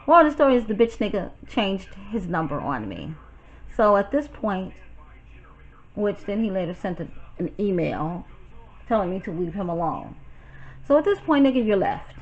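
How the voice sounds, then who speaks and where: A woman from New York telling a personal story to her viewers in a blunt, profane, animated way. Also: medium pitch, normal speed, lo-fi sound, a little hiss or hum. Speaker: YouTuber. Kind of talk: storytime vlog.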